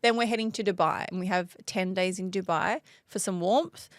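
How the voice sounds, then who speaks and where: A woman's voice: medium pitch, normal speed, dry recording, clean studio sound. A woman, co-hosting a podcast in casual chat, joking and laughing often. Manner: chatty, laughs often, self-mocking jokes. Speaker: podcast co-host.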